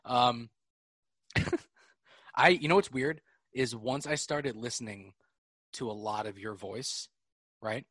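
A man with a New York accent, hosting a casual podcast chat, animated and laughing often. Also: medium pitch, slow pace, pauses often, dry recording, clean studio sound. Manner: animated, laughing, swearing freely. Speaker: podcast host.

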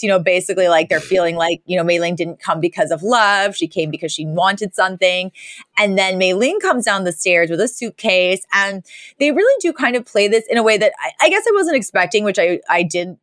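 A woman co-hosting a podcast, retelling a TV episode with lively energy, slipping into the characters' voices and laughing often. Her voice sits at an ordinary middle pitch. It is recorded close and dry, with no room sound. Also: brisk, dry recording. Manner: animated storyteller who acts out quotes, laughs often. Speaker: podcast co-host. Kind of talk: casual episode recap.

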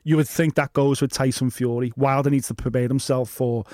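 A man co-hosting a boxing podcast, talking fast and sweary, acting out little scenes in funny voices. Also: mid-range voice, steady tone, dark tone, no echo, studio quality. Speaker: podcast co-host. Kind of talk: casual boxing chat.

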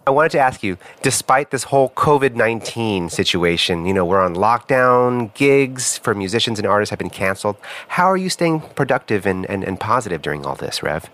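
A woman's voice: rumbling low, expressive, a little fast, few pauses. A woman hosting a podcast, asking friendly, playful questions of her guest. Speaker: podcast host. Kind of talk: casual interview chat.

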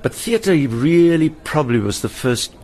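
In a hotel lounge, an older stage performer with a South African accent talks as an interview guest, bringing personal anecdotes to life and voicing the people in them. His pitch is fairly high and his delivery animated yet measured, with a slightly mellow tone.

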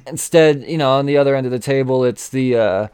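A man hosting a casual conversation, speaking haltingly with many restarts and fillers. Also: mid-range voice, darkish tone.

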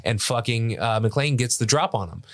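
A man's voice: medium pitch, expressive, moderate pace, dry recording. A man co-hosting a casual movie podcast, recapping scenes loosely and swearing freely. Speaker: podcast co-host.

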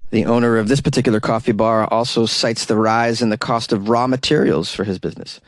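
A man's voice: fairly low pitch, steady tone, brisk, dry recording. A man hosting a call-in talk radio show, reading news stories and adding wry, sarcastic asides in a chatty manner.

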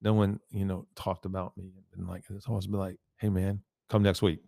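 Podcast guest, man, low voice, dry close sound, lively storyteller. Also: fairly quick, vocal fry, no echo. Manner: animated storyteller, quotes others often. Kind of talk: casual chat.

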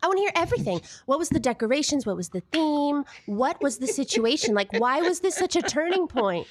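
Giggly, high-voiced woman comedy host. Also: very animated, a little fast. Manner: giggly, bubbly, teasing. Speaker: guest host. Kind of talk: improvised comedy podcast hosting. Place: art space in Brooklyn.

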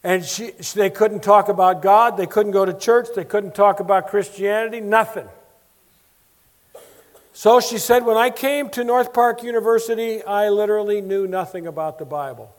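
A man with a notably high voice preaches to a congregation, moving through stories in an animated way. He acts out the voices of the people he quotes as he tells each story. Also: moderate pace. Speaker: preacher and Bible teacher. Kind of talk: sermon with storytelling.

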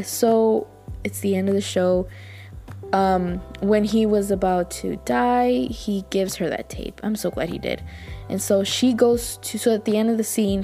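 A woman's voice: medium pitch, vocal fry, darkish tone. A woman hosting a podcast, chatting casually and gushing, with lots of fillers. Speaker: podcast host. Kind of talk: casual chat.

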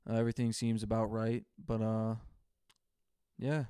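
A man co-hosting a casual sports podcast, relaxed and thinking aloud with fillers. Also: fairly low pitch, a little slow, clear, resonant tone, no room sound, studio quality. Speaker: podcast co-host.

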